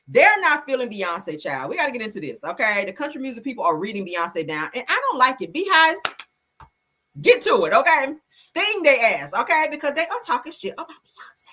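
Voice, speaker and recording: A woman's voice: on the high side, sharp tone. A woman hosting a casual commentary livestream, sassy and emphatic, swearing freely and talking straight to her viewers. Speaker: streamer and commentary host.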